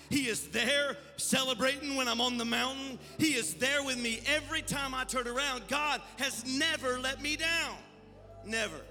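A man's voice: sits high, bright, forceful tone. A male pastor leading worship and preaching a fervent sermon, exhorting the congregation in a church sanctuary. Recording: long church-hall reverb, faint music behind.

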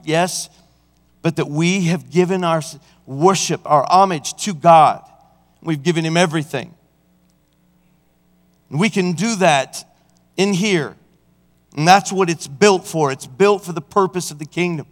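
A man preaching a sermon as senior pastor, fervent and building in force, recorded in a church sanctuary. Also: on the high side. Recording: church hall reverb.

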